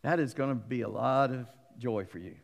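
Gravelly middle-aged pastor in a reverberant hall. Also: male voice, mid-range voice, moderate pace. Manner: conversational and animated, acting out quotes with humorous asides. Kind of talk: sermon. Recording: long reverb of a large hall.

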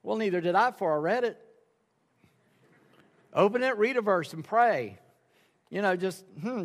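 A man's voice: sits high, lively intonation, measured pace, pauses often. A man preaching a sermon as pastor, telling folksy stories and acting out the people in them. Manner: folksy storytelling, acts out dialogue in quoted voices. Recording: reverberant sanctuary sound.

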